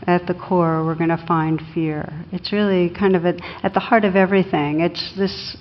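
Woman meditation teacher, lowish voice, thoughtful with light humor, long hall reverb. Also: lo-fi sound. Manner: reflective, with light humor and small hesitations. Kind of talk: meditation class talk.

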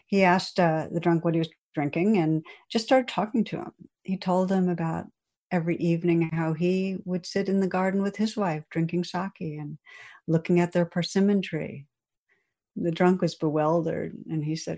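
A woman with a low, mellow voice leads a dharma talk. She tells a teaching story gently and reflectively, with soft pauses between her phrases. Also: flat delivery. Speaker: meditation teacher.

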